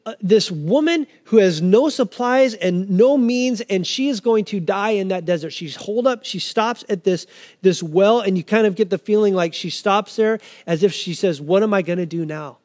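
A man's voice: high voice, normal speed, a little mellow. A man preaching a sermon with passion, acting out the voices of the people in the scripture as he tells the story. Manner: impassioned preaching, voicing the people in the scripture he quotes. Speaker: pastor.

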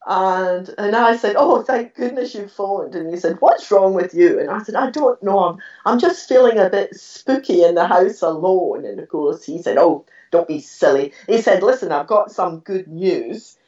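An older woman telling stories in an interview, animated and laughing often, acting out what she said back then. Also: lowish voice, normal speed, few pauses. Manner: animated storyteller, laughs often, acts out her own past words. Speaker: guest telling ghost stories. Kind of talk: storytelling in an interview. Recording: dull, slightly distant recording.

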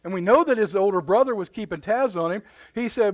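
A man's voice: high-pitched, fairly quick. A man preaching a live sermon in a church, fervent and repeating words as he builds his points. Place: church sanctuary.

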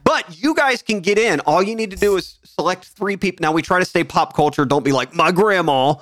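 A man co-hosting a casual podcast, talking in animated banter, swearing freely and dropping into quick mock voices. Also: sits high. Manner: animated, swears often, mimics voices for jokes. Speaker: podcast co-host.

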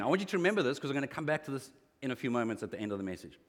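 Animated male preacher in a reverberant hall. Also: medium pitch, rapid-fire. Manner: animated, acts out quoted lines with rising voice. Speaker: pastor. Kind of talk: sermon.

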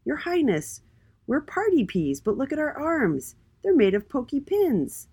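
A woman's voice: high-pitched, huge pitch swings, measured pace, warm tone, pitched above the performer's own voice, full character voice. A woman voicing a glum little pea twin in a children's storybook.

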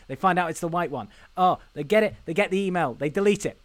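Male podcast co-host, high-pitched and close-miked, animated film recapper. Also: fast talker, hardly any pauses, dry recording. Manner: animated retelling, acts out film lines. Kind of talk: casual film recap chat.

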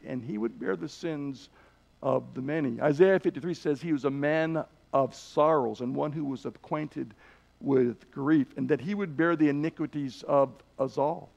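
Gravelly-voiced man preaching a Bible lesson. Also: medium pitch, a little mellow. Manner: earnest storytelling, slows down for emphasis. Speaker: Bible teacher. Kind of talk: sermon-style Bible lesson. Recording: dull lo-fi recording.

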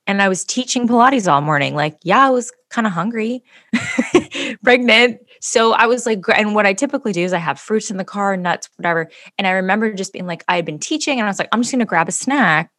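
A woman in casual chat, telling a story in an animated way and acting out the people in it. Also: mid-range voice, a little fast, dry recording, studio quality. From Canada. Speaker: podcast co-host.

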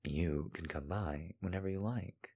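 A man voicing a refined, soft-spoken young man in a quiet, murmured delivery. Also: sits low, measured pace, gravelly, husky, full character voice. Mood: soft, charming.

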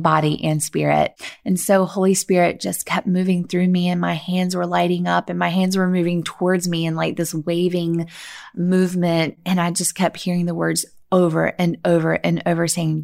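Gravelly low-voiced woman telling her story. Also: measured pace. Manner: earnest, animated, many "like" fillers. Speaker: podcast host. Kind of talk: personal storytelling monologue.

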